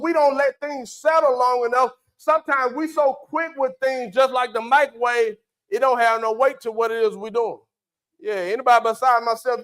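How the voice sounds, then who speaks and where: A man's voice: extremely high pitch, a bit bright, poor audio. A man preaching a folksy sermon, with call-and-response asides to the congregation. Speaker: pastor. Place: church.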